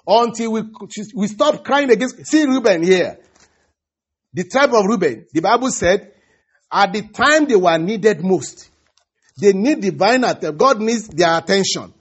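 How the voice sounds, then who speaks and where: High, husky male preacher, lo-fi. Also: lively intonation. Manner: halting, repeats words, calls out hallelujah and praise the Lord. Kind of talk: sermon. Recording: dull lo-fi recording.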